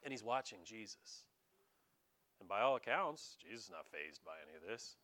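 Animated man preaching a sermon. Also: on the low side, normal speed. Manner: animated, dramatizing, talks straight to the congregation. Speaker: pastor. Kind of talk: conversational sermon.

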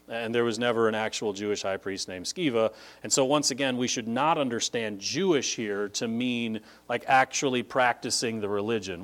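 Animated, emphatic male Bible teacher. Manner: emphatic, with sudden high-pitched leaps on key words; conversational, with frequent "like" and restarts.

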